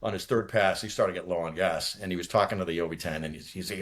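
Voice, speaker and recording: A man in his sixties from near Boston, a retired fighter pilot telling a war story in casual, profane, rambling talk. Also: low-pitched. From from near Boston, USA. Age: 60s. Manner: rambling, profane, talks fast when nervous.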